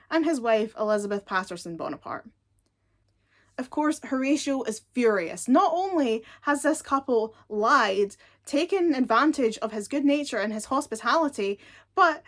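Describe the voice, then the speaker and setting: A woman chatting casually as she reviews episodes of a TV show, animated and laughing often. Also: sits high, moderate pace. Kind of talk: casual chat.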